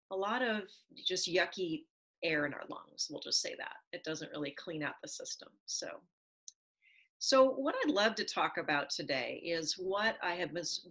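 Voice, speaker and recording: A woman yoga instructor talking calmly and steadily, leading a guided breathing exercise. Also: low voice, rough recording.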